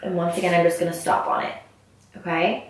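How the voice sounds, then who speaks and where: A woman's voice: lowish voice, little pitch movement, fairly quick. A woman fitness instructor demonstrating a workout on the floor, coaching viewers in an upbeat way as "you guys". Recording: very echoey room, mic far off.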